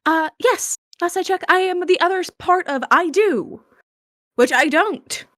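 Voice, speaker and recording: A woman playing her character in a tabletop game, answering with indignant, sharp comebacks. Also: very high voice, unhurried, dry recording, clean studio sound. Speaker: player.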